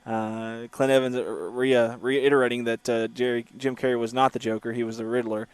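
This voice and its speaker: A man's voice: medium pitch, steady tone, a little fast, clean tone, no echo. A man hosting a casual livestream from a moving car, chatting and reading viewer comments aloud. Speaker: livestream host. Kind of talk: casual driving livestream chat.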